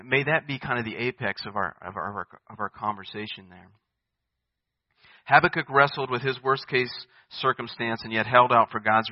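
A man's voice: medium pitch, dry recording, dull audio. A man preaching a sermon as a pastor, earnest and pleading, climbing to emphatic peaks.

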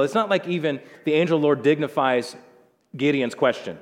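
A man's voice: fairly high pitch, brisk. Man preaching in a reverberant hall. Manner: conversational, acts out quotes with shifting voices. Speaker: pastor. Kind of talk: sermon, Bible teaching.

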